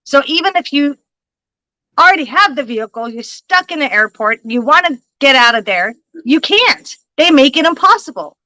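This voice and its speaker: Woman host, bright and slightly high, close dry sound; animated, salty storyteller on a home livestream. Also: moderate pace, no echo, rough recording. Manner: animated, swears freely, restarts sentences. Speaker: livestream host and psychic reader. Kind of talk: casual storytelling chat.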